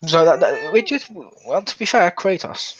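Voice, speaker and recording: A man's voice: high voice, very animated, moderate pace, a bit bright. Rambling male game reviewer, dull lo-fi sound. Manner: rambling, with many restarts. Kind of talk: casual review chat.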